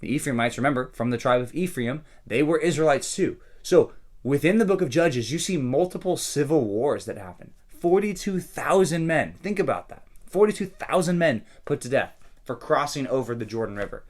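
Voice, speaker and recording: A man's voice: mid-range voice, animated, moderate pace. A man, a pastor, casually talking through a daily Bible reading and often checking in with listeners with "okay?" and "right?". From California.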